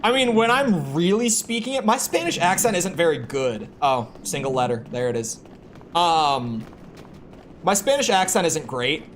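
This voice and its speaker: A man's voice: on the high side, animated, normal speed. Man, young, American accent, casual stream chat, repeats words, noisy background. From United States. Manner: rambling, repeats words when starting sentences. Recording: clear background noise.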